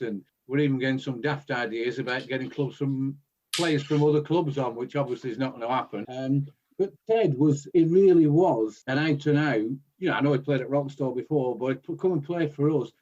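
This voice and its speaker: A man's voice: mid-range voice, brisk, a little mellow. A man hosting a podcast, asking friendly, rambling questions in casual chat. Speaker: podcast host. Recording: dull lo-fi sound.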